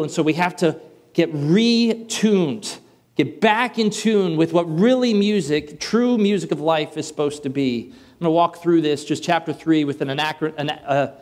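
A man's voice: on the high side, normal speed, a little mellow. A man preaching a sermon in a conversational way, with light self-deprecating humor, from the Northern US.

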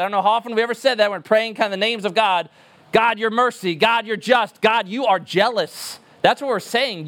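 A man's voice: high voice, a bit bright. A man preaching a sermon as pastor, emphatic and earnest, repeating words for stress.

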